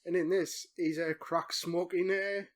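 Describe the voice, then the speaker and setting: A man co-hosting a casual podcast, throwing out crude, deadpan quips. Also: high-pitched, a little slow, a crowd in the background. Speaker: podcast co-host.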